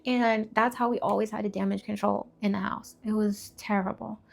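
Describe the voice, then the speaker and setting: A woman in her twenties frankly sharing a personal faith testimony to camera, emotional and direct, with quick asides and repeated phrases. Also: medium pitch, steady tone, vocal fry. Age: 20s. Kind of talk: candid personal testimony vlog.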